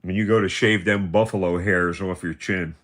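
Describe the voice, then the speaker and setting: A man's voice: low voice, fairly even intonation, normal speed, fairly bright tone. Taunting man in his seventies. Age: 70s. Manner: accusatory, taunting, repetitive. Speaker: livestream host. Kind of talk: confrontational livestream rant.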